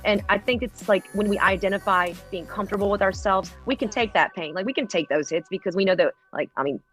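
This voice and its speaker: A woman's voice: medium pitch, fast talker, faint music behind. A young adult woman with a North Carolina accent, chatting casually as an interview guest. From rural North Carolina, US. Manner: relaxed, chatty, many "like" fillers. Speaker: guest, TikTok creator.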